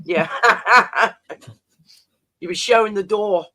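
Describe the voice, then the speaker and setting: A woman's voice: medium pitch, drawn-out words, bright, forceful tone. A woman co-hosting a casual livestream, blunt and sweary, reading comments aloud and laughing easily. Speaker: livestream co-host.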